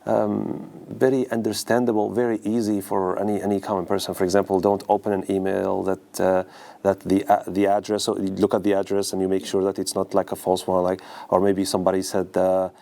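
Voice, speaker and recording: Guy hosting a podcast, gravelly and mellow, kinda hesitant, lots of ums. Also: low voice, level tone, a little fast. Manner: hesitant, full of fillers and restarts. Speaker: podcast host. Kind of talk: casual conversation.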